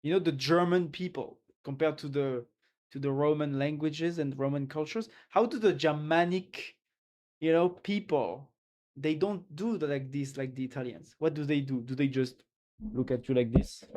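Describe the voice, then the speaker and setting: A man's voice: fairly high pitch, moderate pace, a little mellow. A man with a French accent chatting casually on a live stream, rambling and reading chat aloud; French is his first language. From France.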